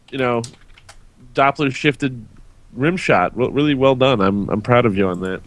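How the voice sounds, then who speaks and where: A man's voice: medium pitch, measured pace. A man co-hosting a casual gaming livestream, playful and enthusiastic in his remarks.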